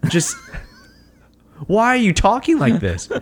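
A man in a casual film chat, rambling in an animated and exasperated way. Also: high-pitched, slow, husky.

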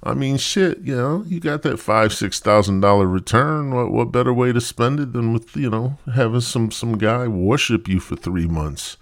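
A man's voice: medium pitch, normal speed, few pauses, no echo, studio quality. A man hosting a podcast, delivering a crude, rambling comedic monologue. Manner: rambling, profane. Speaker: podcast host.

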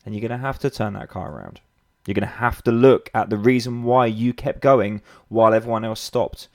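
Blunt, sweary British fitness coach. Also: male voice, on the low side, brisk. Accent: British English. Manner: blunt, sweary, rambling with road metaphors. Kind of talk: motivational monologue.

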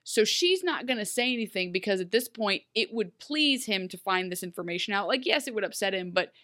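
A woman co-hosting a casual TV recap podcast, talking in an animated way with lots of asides and fillers. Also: mid-range voice, a little fast. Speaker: podcast co-host.

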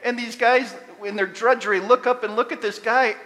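A man delivers a sermon with a bright, high voice that carries through a hall with long reverb. He preaches with animation and builds to loud emphasis on his main points. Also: steady tone, moderate pace. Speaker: pastor.

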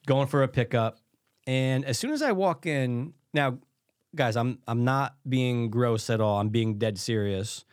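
A man chatting casually on a podcast. He tells his story with animation, swears easily and slips into voices for the people he quotes. His pitch sits in the middle of the male range. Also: unhurried, smooth. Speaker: podcast host telling a rideshare story.

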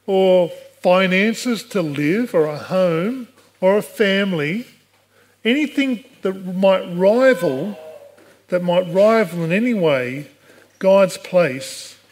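High-voiced man preaching. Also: lively intonation, slow, a little mellow. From Australia. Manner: earnest preaching, rhetorical questions. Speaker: pastor. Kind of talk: sermon.

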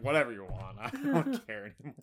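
A man's voice: mid-range voice, huge pitch swings, fast talker. A man co-hosting a podcast in casual chat, joking and rambling with lots of fillers. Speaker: podcast co-host.

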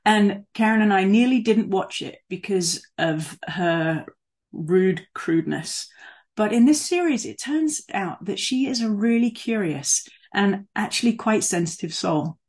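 A woman's voice: mid-range voice, animated, unhurried, darkish tone. A woman preaching a sermon in a conversational way, with fillers and asides, and leaning hard on words she stresses.

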